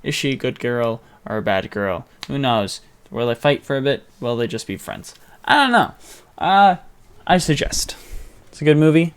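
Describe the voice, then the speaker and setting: A young man co-hosting a podcast, casually retelling a movie in a rambling, jokey way with quick mock voices. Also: mid-range voice, expressive, smooth. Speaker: podcast co-host. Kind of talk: casual movie recap chat.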